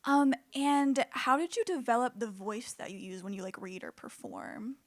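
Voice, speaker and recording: A woman's voice: fairly high pitch, normal speed, no echo. A woman in the audience asking the poet questions hesitantly.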